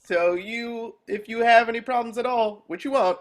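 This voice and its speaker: A man's voice: very high-pitched, moderate pace. A man reading a chipper, nervous afterlife architect who rambles and stumbles while giving a speech over a video call.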